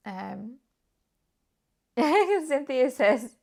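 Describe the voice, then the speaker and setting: A woman with a British accent hosting a live scrapbooking stream. She chats casually and drops into soft, half-whispered asides to herself as she works. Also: medium pitch, lively intonation, unhurried, gravelly. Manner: chatty, muttering half-whispered asides to herself while working. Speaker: scrapbooking livestream host. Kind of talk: casual live crafting chat.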